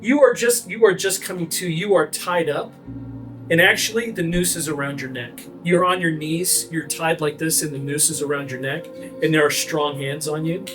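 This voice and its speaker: A man's voice: fairly high pitch, moderate pace, over music. A man narrating vividly as game master of a tabletop game. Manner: vivid, energetic narration with frequent fillers.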